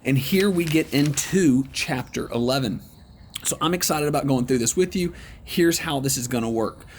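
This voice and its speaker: A man leading an online Bible study lesson in a conversational, encouraging way, with frequent ums and pauses. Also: mid-range voice, slight background noise.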